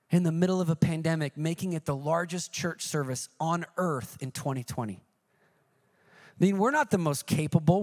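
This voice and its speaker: Male preacher, middle-aged, high-pitched, animated storyteller in a sermon. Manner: animated storytelling, jumps into shouted quoted cries.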